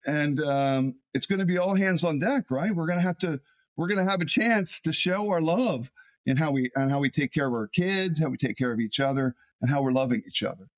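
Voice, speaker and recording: A man, a pastor, preaching a sermon in an animated way, often repeating words as he builds a point. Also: a little high, fairly quick.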